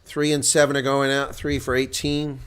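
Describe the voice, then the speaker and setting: A man giving live reaction play-by-play commentary on a rugby match, getting loud on big plays and dropping to quiet asides. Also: mid-range voice, completely flat delivery, normal speed, clean tone.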